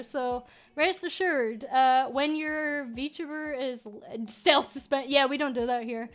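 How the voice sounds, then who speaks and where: High-voiced Scottish woman on a casual livestream. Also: takes it slowly. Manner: frank, joking, full of fillers and restarts. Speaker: VTuber and agency manager.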